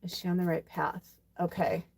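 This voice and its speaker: A woman's voice: lowish voice, level tone, moderate pace, creaky, background noise. A middle-aged woman from Chicago hosting a live card reading, talking in a rambling, chatty way with many fillers and laughs. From South Side Chicago, USA. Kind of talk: casual live-stream chat.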